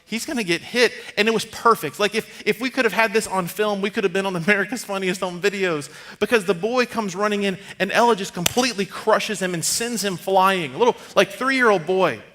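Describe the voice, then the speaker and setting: A man in his thirties preaching a sermon, telling personal stories in a conversational, animated way and dropping to a hushed tone for serious moments. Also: high voice, brisk, few pauses. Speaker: pastor. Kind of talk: storytelling sermon. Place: church stage.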